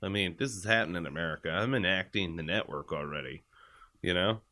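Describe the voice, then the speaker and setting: A man with a low, bright and forceful voice, talking in casual chat. He swears freely and laughs often while he is sore from a bad back. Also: fast. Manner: profane, laughing storyteller. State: in pain from a hurt back. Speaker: podcast co-host.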